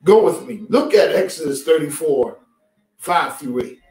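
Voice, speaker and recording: With a somewhat high, slightly mellow voice, a pastor preaches a streamed sermon in an animated but measured way. He talks with the congregation conversationally and asks for their responses. The sanctuary recording is roomy and distant, with faint music in the background.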